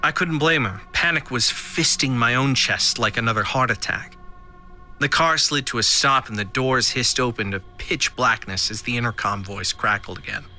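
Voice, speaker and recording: A man's voice: medium pitch, normal speed, bright, forceful tone, soft background music. A man narrating a scripted audio drama in a dry, first-person storytelling manner.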